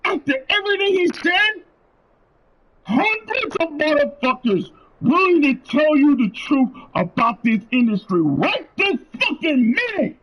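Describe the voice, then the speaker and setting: A man's voice: very high voice, big pitch swings, unhurried, a bit bright, low-quality recording. A man streaming, delivering a heated, profane rant to his viewers. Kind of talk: angry rant.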